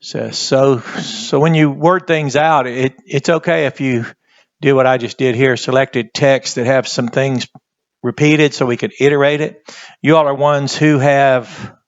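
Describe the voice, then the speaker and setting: A man teaching a Bible language class, speaking haltingly and repeating words as he writes on a board. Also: mid-range voice, steady tone, no echo, lo-fi sound. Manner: slow, halting, repeats words while writing. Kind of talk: classroom lesson at a whiteboard.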